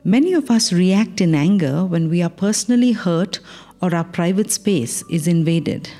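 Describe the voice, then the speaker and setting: A woman reading a Christian devotional in a calm, measured, earnest way, ending in a prayer. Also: lowish voice, faint music behind. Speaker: devotional reader. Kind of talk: read devotional.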